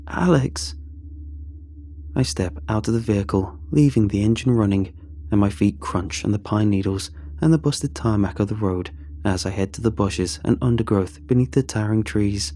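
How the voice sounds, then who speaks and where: A man reading a horror story aloud in a measured, hushed storyteller's manner. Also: on the low side, a little hiss or hum. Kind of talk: scripted horror narration.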